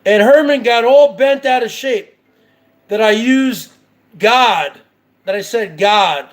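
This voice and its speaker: A man's voice: very high voice, takes it slowly. A man hosting his own show, ranting in heated, profane, repetitive commentary. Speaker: show host.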